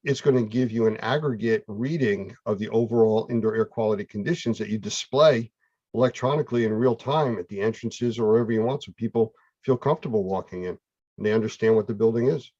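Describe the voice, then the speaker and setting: A man's voice: fairly low pitch, quick pace, mellow, no room sound. A male host talking conversationally and explaining things in a casual online interview. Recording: dull, dry mic sound.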